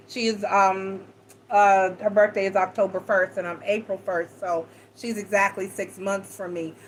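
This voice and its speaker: A woman's voice: mid-range voice, slight background noise, poor audio. A woman giving a casual, rambling tarot reading, frank and a bit salty, acting out quoted talk with a raised voice. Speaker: tarot reader.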